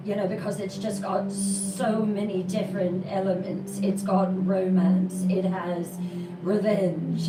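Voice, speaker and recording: A woman hosts a live story stream, greeting each viewer with slow, affectionate warmth. She sits back from the microphone, so her voice carries a roomy echo. Music plays clearly underneath her. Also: mid-range voice. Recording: roomy, distant mic with music behind.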